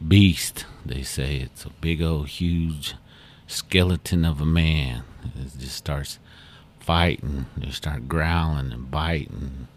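A man hosting a podcast who tells a story in an unhurried, folksy way with fillers. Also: a bass voice. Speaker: podcast host. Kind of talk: oral storytelling.

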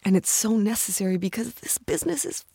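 A woman's voice: mid-range voice, animated, fast talker, creaky, dark tone. Earnest, emotional woman actress. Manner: earnest and emotional, near tears. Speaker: actress, guest. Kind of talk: heartfelt interview talk.

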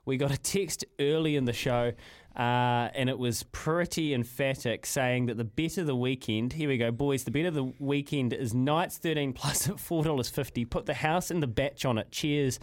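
A man with a New Zealand accent hosting sports radio, upbeat and quick to laugh, reading out phone numbers and sponsor lines. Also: medium pitch. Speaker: radio host.

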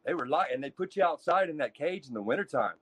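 High-voiced profane man telling prison stories. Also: fast, slightly rough, dry recording. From Texas. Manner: profane, animated storyteller acting out other inmates. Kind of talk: casual storytelling.

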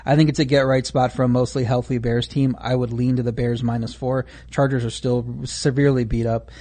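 Fast, mellow-voiced stats man. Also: mid-range voice, level tone. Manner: analytical, stat-heavy. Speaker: betting analyst. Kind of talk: sports betting chat.

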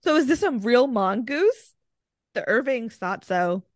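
A woman co-hosting a podcast, telling a strange story in a casual, animated way with lots of fillers. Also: fairly high pitch, a little slow, dry recording, studio quality. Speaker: podcast co-host.

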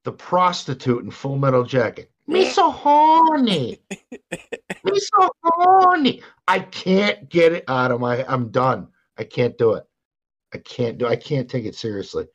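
A man's voice: mid-range voice, normal speed. An older man co-hosting a podcast, ranting in a profane, exasperated way. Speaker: podcast co-host. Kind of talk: casual podcast rant.

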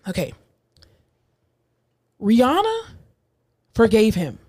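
A high-pitched woman in her thirties talks in a casual podcast chat, her voice swinging widely up and down. She is opinionated and animated, with frequent swearing and laughter. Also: drawn-out words. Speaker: podcast co-host.

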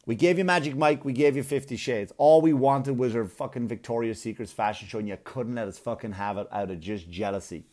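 A man's voice: medium pitch, brisk, hardly any pauses, darkish tone. A man on a blunt, profane comic rant, arguing and mocking as he goes. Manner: blunt, swearing, argumentative, mocking.

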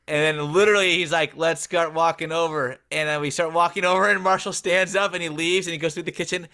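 A man's voice: a little high, fairly even intonation, quick pace, few pauses, pushed and bright. A man co-hosting a casual sports podcast, blunt and profane, telling stories with animation. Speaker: podcast co-host.

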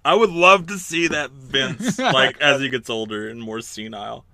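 A man co-hosting a casual podcast, recapping the action with quick play-by-play and frequent laughs. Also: medium pitch, crowd noise. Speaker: podcast co-host. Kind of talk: casual chat, recapping a wrestling event.

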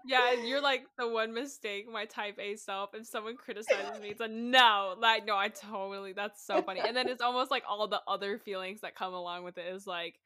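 A woman's voice: mid-range voice, steady tone, fairly quick, hardly any pauses, crowd noise. A young woman hosting a casual interview, friendly and eager, reacting often and asking easy questions. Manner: friendly, eager, lots of "like" and "that's so funny". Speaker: host.

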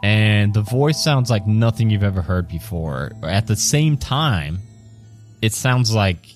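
Male game master, lowish voice, descriptive narration with frequent laughs. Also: lively intonation, slow pace, soft background music. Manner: descriptive, laughs between lines.

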